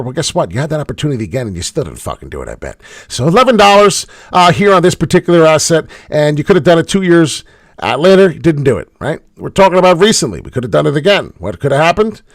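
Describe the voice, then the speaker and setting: A man hosting a casual livestream, commenting on charts in a blunt, swearing way, with loud bursts of hype and low mutters. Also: no room sound, clean studio sound. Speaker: crypto chart host.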